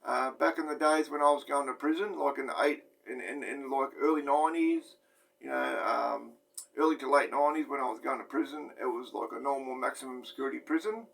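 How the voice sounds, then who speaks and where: A man's voice: mid-range voice, fairly even intonation, brisk, creaky, a bit bright, distant mic, poor audio. A middle-aged Australian man, a former inmate, telling a story casually to his viewers, blunt and swearing, often restarting his phrases. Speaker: YouTube host, former inmate.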